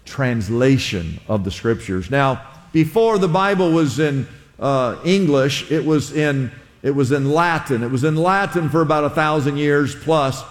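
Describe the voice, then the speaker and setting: A pastor preaching to his congregation, a man with a fairly high voice. He teaches in an engaging, call-and-response way, pausing to restart his sentences. His words ring out with the long reverb of a church hall. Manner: many fillers and restarts, emphatic rises. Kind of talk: sermon. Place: church sanctuary.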